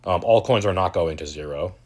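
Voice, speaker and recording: A man's voice: sits low, fairly quick, a little mellow. Profane, ranting crypto guy. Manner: profane, exasperated, mocking. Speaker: crypto channel host. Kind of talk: ranting video commentary.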